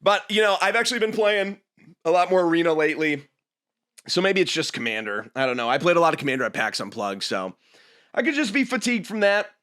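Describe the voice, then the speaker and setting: A young man hosting a podcast, chatting casually and reading viewer messages, animated and full of restarts. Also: a little high, quick pace. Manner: animated, jumping between topics with laughs and restarts. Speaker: podcast host reading super chats. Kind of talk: casual livestream chat.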